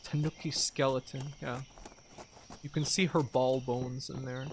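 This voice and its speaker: A man's voice: mid-range voice, flat delivery, unhurried, a little hiss or hum. A man streaming a video game, chatting casually with wry, rambling jokes and asides. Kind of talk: casual gameplay commentary.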